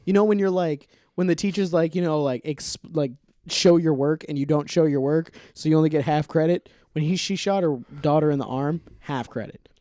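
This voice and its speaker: A man co-hosting a comedy podcast in casual chat, making wry, deadpan points. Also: on the high side, brisk, few pauses, no room sound, studio quality. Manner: wry, builds jokes through deadpan reasoning. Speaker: podcast co-host.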